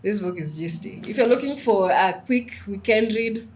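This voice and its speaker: A woman's voice: mid-range voice, normal speed, slight background noise, poor audio. A young woman, a writer, chatting as a podcast guest, telling stories animatedly and slipping in Swahili phrases. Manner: lively, animated storytelling, mixes in Swahili phrases. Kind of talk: casual interview chat.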